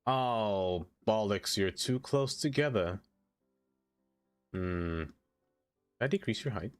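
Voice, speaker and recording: A man's voice: fairly low pitch, animated, slow, clear, resonant tone, faint music behind. A man streaming a game, chatting casually, laughing often and talking to the objects he builds. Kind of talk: casual live-stream chat.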